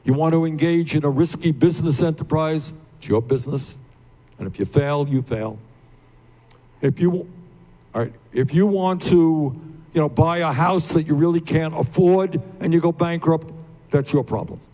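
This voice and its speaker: A man's voice: on the high side, moderate pace, mellow. An older man speaking at a town hall meeting, emphatic, asking the crowd questions and building to passionate peaks. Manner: addresses the crowd directly with questions. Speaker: candidate hosting a town hall.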